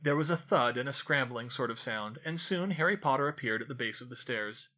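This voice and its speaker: A man reading fan fiction aloud in steady storytelling narration. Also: mid-range voice, fairly quick. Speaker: audiobook reader.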